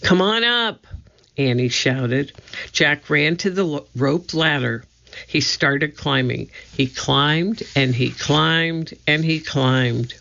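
A narrator reading a children's book aloud in an expressive storytelling manner. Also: mid-range voice, takes it slowly, creaky, muffled recording. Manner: expressive storytelling, voicing each character. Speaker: audiobook narrator.

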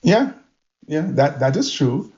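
Guy telling a story, gravelly voice, lively, kinda muffled audio. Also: on the high side, takes it slowly. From Jamaica. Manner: animated, vivid storyteller. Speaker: interview guest. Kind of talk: storytelling interview.

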